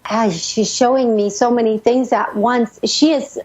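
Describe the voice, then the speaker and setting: A woman psychic medium hosting a call-in radio show, relaying messages in a rushed, breathless way full of restarts. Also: fairly high pitch, fairly even intonation, darkish tone, highs cut off.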